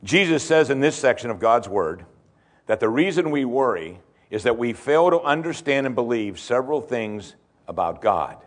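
A man's voice: mid-range voice, very animated, normal speed. A man preaching an expository sermon as a pastor, repeating key points and asking rhetorical questions.

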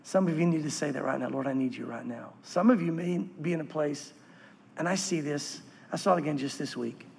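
A man preaching a sermon as pastor, earnest and swinging from animated to hushed. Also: a little high, a little fast, creaky, husky, in a large hall.

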